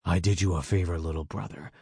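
A man's voice: sits low, fairly even intonation, quick pace, creaky, warm tone, slightly rough, no room sound, clean studio sound, voice pushed down, full character voice. A man voicing a cruel, mocking older brother in an audiobook. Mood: cold mocking. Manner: cold, mocking. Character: cold cruel older brother, male villain.

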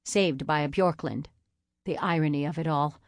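A woman with a low voice reads a novel aloud in a measured, even manner. Her voice is close and dry, with no room sound at all. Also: no echo. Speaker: audiobook narrator. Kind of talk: scripted narration.

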